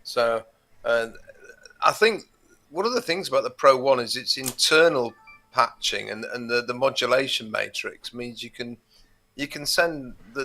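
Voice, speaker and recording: Gravelly, bright-voiced male co-host. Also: medium pitch. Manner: thinking aloud, repeats words while searching. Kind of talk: casual livestream chat.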